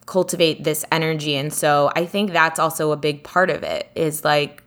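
A woman co-hosting a relaxed podcast, talking in a lowish voice. She rambles with plenty of filler words and retells stories with animation. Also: moderate pace. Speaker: podcast co-host. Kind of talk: casual chat.

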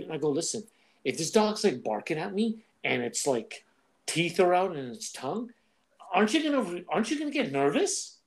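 Guy telling funny stories, kinda high voice, super animated. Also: a little fast. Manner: animated storyteller, jokey. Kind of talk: casual chat.

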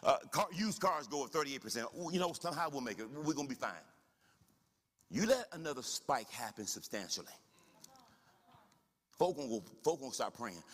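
A man preaching a sermon as the pastor of his church, animated, swinging from soft asides to shouted lines. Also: medium pitch. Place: church sanctuary. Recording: reverberant church hall.

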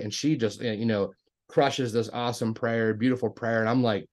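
A man telling his conversion story in a casual, animated way, acting out both sides of the conversations. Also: medium pitch, moderate pace. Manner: frequent fillers and restarts, says "like" a lot.

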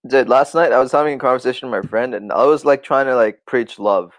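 Man, podcast co-host, relaxed musing talk, casual swearing, mid pitch, dry close mic. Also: fast, dry recording.

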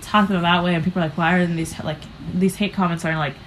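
In a low-quality recording with a faint hiss, a young American woman talks fast in a steady tone and a notably low voice. She's a comedian guest telling stories in a casual interview, rambling with plenty of fillers and performing her own reactions.

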